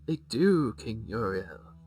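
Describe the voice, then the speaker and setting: A man's voice: lowish voice, big pitch swings, darkish tone, far from the mic. A man doing a proud aloof mystic elder. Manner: proud, measured. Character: proud, aloof male mystic order leader.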